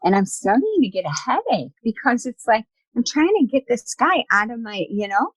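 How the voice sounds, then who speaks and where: A woman guest on a podcast interview, telling personal stories in a lively, chatty way and acting out the dialogue. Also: fairly high pitch, normal speed, slightly rough, no room sound, low-quality recording. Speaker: guest, spiritual medium. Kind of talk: casual storytelling in an interview.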